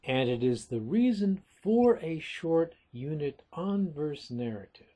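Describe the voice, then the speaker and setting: A man teaching literature in a recorded lecture, explaining things deliberately and calling his listeners folks. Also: a little high, very animated, dark tone.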